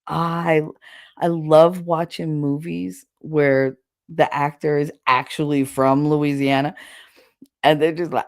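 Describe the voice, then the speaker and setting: Low gravelly woman with a Chicago accent. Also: unhurried, no echo, studio quality. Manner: rambling, loses her train of thought, laughs often. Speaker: livestream host. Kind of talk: casual livestream chat reading comments.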